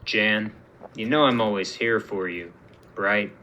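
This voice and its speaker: Loyal soldier hero, gentle and kind, read by a man, storybook reading. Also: on the low side, a little slow, lo-fi sound, a little hiss or hum, pitched below the performer's own voice.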